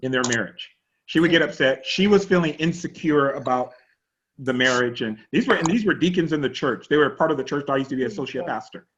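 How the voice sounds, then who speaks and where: A man pastor teaching an online class in a chatty, animated storytelling way over a video call. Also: medium pitch, a little fast, a little hiss or hum. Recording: dull lo-fi online call audio.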